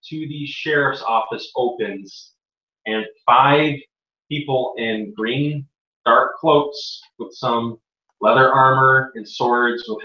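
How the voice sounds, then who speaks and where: A man's voice: mid-range voice, bright, forceful tone. Echoey, dull-sounding man running the game. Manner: loose, joking, self-deprecating. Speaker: dungeon master. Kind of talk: narrating a tabletop game. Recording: echoey, dull home recording.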